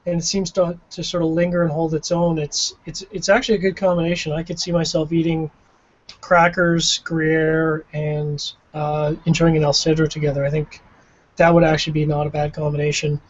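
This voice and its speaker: A slightly high-voiced man with a Canadian accent co-hosts a cigar pairing show, musing and joking at his own expense in a casual tasting chat. His pitch barely moves and his pace is moderate; the lo-fi recording is dull.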